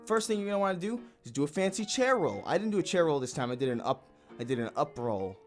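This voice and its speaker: Man, slightly high voice, deadpan mock-tutorial host who rambles and restarts, faint music under him. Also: fast. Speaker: comedy YouTuber parody host. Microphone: desk mic in home setup.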